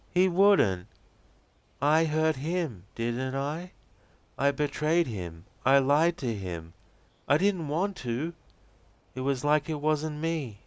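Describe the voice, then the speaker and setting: A man voicing a fragile, confused young waitress who is crying, speaking in slow, halting, tearful pleas while reading game transcripts aloud. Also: fairly high pitch, smooth, no echo, voice pushed up.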